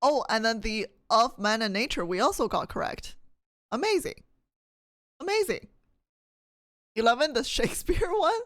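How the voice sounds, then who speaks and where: A woman's voice: on the high side, very animated, a little fast, few pauses, no room sound. Chatty woman streamer thinking aloud. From Canada. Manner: reads questions aloud, thinks out loud, laughs often. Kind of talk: casual live-stream chat with viewers.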